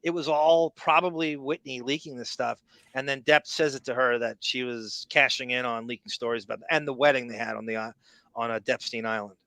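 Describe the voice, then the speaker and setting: Bright-voiced man riffing as podcast host. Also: medium pitch, fairly even intonation, a little fast, no echo. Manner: rambling, profane, opinionated. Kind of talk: casual commentary over played audio.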